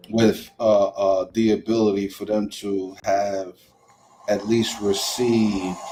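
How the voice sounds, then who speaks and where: A low-voiced man speaks very slowly and carefully, stopping often to think and filling the gaps with ums. A faint background noise sits under his voice. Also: darkish tone, poor audio. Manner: measured, with many fillers. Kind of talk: casual podcast discussion.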